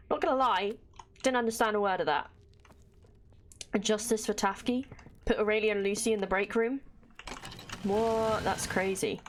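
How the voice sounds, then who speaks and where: A woman streaming a game live, chatting casually with her chat and reading in-game text aloud. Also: mid-range voice. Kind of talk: casual gameplay livestream chat.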